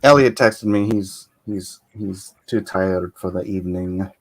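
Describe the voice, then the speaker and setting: Over a noisy crowd, a man hosts a casual livestream chat through a computer mic on a video call, rambling and laughing often. His voice sits low and he talks a little slowly.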